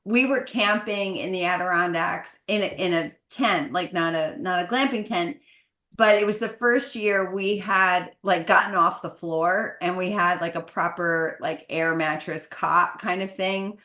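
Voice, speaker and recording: A woman's voice: on the low side, a little slow, pushed and bright. An American woman, a guest talking casually and at length, full of fillers and laughs. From United States. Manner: talkative, many fillers, laughs often. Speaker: guest, glamping business owner. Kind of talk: casual interview. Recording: roomy echo.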